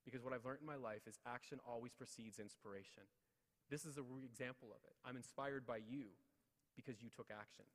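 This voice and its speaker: A middle-aged man giving a humorous motivational talk at an awards ceremony, telling a family story with animated, self-deprecating asides to the crowd. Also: mid-range voice, fairly quick. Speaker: guest speaker at an awards ceremony. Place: large hall. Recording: long hall reverb.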